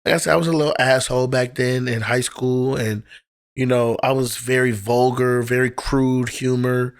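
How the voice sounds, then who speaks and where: As a podcast guest, a young adult poet and teacher speaks in a steady, mid-range voice at a moderate pace. He tells stories from his life with candor and deep feeling during the casual talk, using profanity casually.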